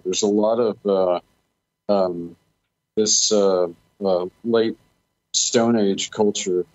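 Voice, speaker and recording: A man, an archaeologist guest on a podcast, explaining in a measured, halting way over remote call audio. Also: fairly low pitch, darkish tone, dry recording, muffled recording. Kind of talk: casual podcast discussion.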